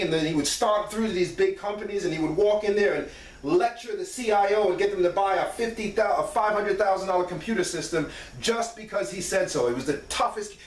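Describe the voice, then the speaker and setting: A podcast host with a high voice delivers a casual storytelling monologue about his career, animated and acting out the voices of others while often tossing in "right?". He sounds distant from the mic, with a roomy echo.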